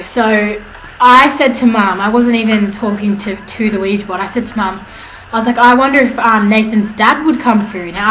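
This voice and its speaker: A young woman vlogs at home, telling a story to the camera in a chatty, rambling manner with lots of fillers and self-corrections. Her voice is mid-range and a bit bright, recorded indoors in an echoey room with faint background noise.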